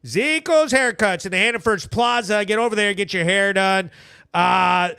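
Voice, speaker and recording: A man hosting a local news recap show in loud, slangy, profane casual commentary with sponsor shout-outs. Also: sits high, moderate pace, gravelly, smooth, no room sound, studio quality. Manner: hyped, profane, slangy, emphatic.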